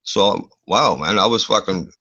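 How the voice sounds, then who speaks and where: A man's voice: on the low side, a little slow, creaky, pushed and bright, husky, no echo, lo-fi sound. A man telling a crude, rambling story on a video call, swearing often and full of fillers. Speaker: online show host.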